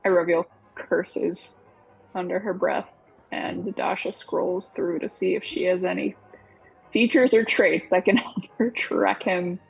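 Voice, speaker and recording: A woman's voice: on the low side, steady tone, a little slow, creaky, a little mellow, husky, faint music behind, low-quality recording. A woman playing in a tabletop game, speaking hesitantly. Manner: hesitant, laughing often. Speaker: player.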